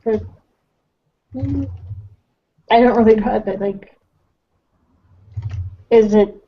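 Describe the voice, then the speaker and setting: A woman chatting casually on a live stream, asking questions slowly and giggling. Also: fairly high pitch, highs cut off.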